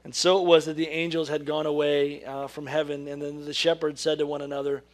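A man giving a sermon, who reads scripture slowly and then talks casually, laughing at his own corny jokes. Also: a little high, flat delivery. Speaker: preacher. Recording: podcast recording of a live sermon.

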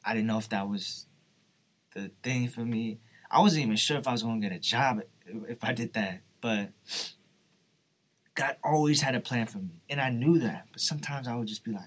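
A man's voice: medium pitch, normal speed. A young man giving an earnest, informal devotional talk, often asking "right?" and "you know". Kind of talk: informal sermon.

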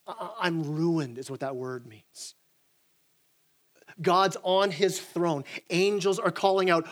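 Pastor, male, fairly high voice, lively sermon delivery, restarts phrases, works the room. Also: moderate pace. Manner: animated, repeats words when starting sentences, acts out voices. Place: church sanctuary.

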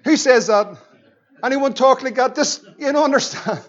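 A pastor preaches in a strikingly high voice. He is impassioned and climbs to shouts on key lines. The recording sounds dull and lo-fi. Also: moderate pace. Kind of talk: sermon.

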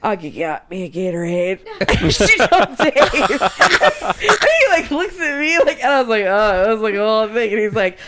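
A woman co-host, somewhere in her thirties, chatting casually on a podcast. Her voice sits a little high, and she jumps into every character's lines with plenty of swearing and laughter. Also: a little slow, few pauses, background noise. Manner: animated, acts out quotes, swears, laughs often. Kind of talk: casual storytelling chat.

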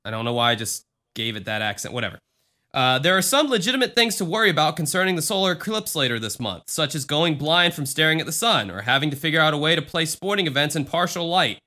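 A man's voice: a little high, sharp tone. A man co-hosting a casual podcast chat, reading a news article aloud with dry, sarcastic asides. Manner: sarcastic, mock-offended joking, swears. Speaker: podcast co-host.

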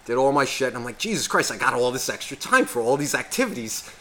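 A man's voice: medium pitch, big pitch swings, quick pace, fairly bright tone. A man co-hosting a podcast, telling a rambling story in casual chat full of swearing. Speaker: podcast co-host.

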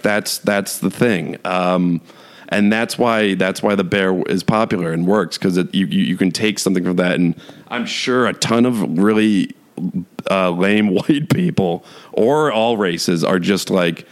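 A man's voice: low-pitched, measured pace. A young man chatting casually and ranting with exasperation, full of fillers and restarts, laughing as he talks. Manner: rambling, lots of "like" fillers and restarts, laughs while talking; mocking, exasperated rant. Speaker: podcast host. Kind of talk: casual solo chat.

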